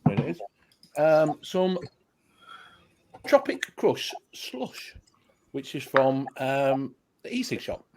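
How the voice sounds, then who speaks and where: A man chatting casually on a vaping show, rambling and halting as he lists his gear. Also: medium pitch, sing-song, a little mellow, a little hiss or hum. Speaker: vape show panelist. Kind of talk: casual banter.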